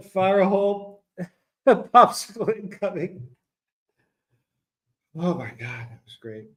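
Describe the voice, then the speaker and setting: A man's voice: sits high, very animated, takes it slowly. A man in his fifties hosting a casual live stream, reading viewer comments aloud and laughing often. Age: 50s.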